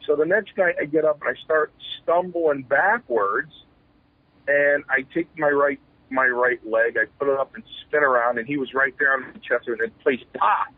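A man's voice: medium pitch, moderate pace, slightly rough, dry recording. A man in his forties, a retired pro wrestler, telling candid stories in an interview. He speaks with animation, acts out old exchanges, and often restarts his sentences. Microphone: telephone. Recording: tinny phone line.

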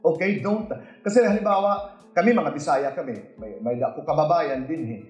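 A man with a Filipino accent gives a public speaking lesson in a fairly high voice, emphatic and animated as he acts out sample answers. His voice rings through the roomy echo of a cinema hall, with faint music behind him. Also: a little fast. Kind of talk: coaching talk mixing English and Tagalog.

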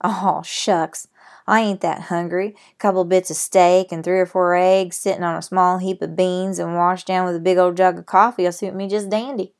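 A woman voicing a soft-hearted, weepy cowboy man with a folksy Western American drawl. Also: fairly low pitch, steady tone, normal speed, close to an everyday voice. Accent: Western American drawl, put on.

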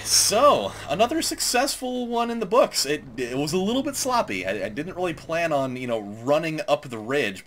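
A man's voice: mid-range voice, a bit bright, a little hiss or hum. A man hosting a let's play, telling rambling stories over gameplay and laughing often. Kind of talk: casual gameplay commentary.

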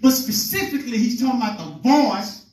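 A man's voice: very high-pitched, animated, a little fast, darkish tone. A man preaching to his congregation, retelling scripture in plain, informal talk and calling on his listeners to follow along. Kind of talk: teaching sermon. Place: meeting room with a congregation. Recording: echoey room, voice from far off.

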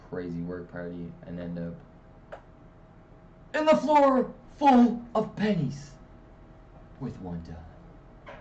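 A man telling a true comedy story in a rambling, profane way, acting out quotes with sudden loud jumps in pitch. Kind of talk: casual storytelling monologue. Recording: distant mic, dull lo-fi sound, faint hiss.

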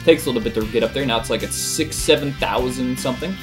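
A young man casually explaining a video game trick over a replay, relaxed, with frequent filler words. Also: mid-range voice, quick pace, over music. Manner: relaxed, many "uh" fillers, chuckles. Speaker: gaming video creator.

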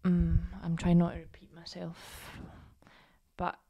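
Lady rambling about films, bit low voice, lots of "like" and um. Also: completely flat delivery, unhurried, dark tone. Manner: chatty, rambling with fillers. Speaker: podcast co-host. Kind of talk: casual chat.

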